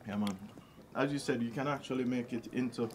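Jamaican-accented man, easygoing local food guide, mid pitch, faint outdoor hiss. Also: a little fast, a little mellow. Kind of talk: casual food explaining. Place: outdoor terrace of a restaurant.

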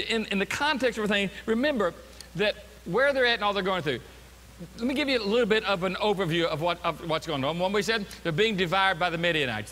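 A man preaching a sermon as pastor, animated and acting out the voices of the people he quotes, in a church sanctuary. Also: high-pitched, big-room sound.

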